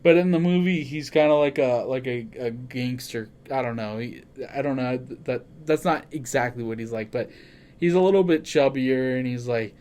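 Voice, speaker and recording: Excitable, swearing podcast host, man. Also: mid-range voice, normal speed. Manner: excitable, swears freely, corrects himself often. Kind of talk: casual podcast chat.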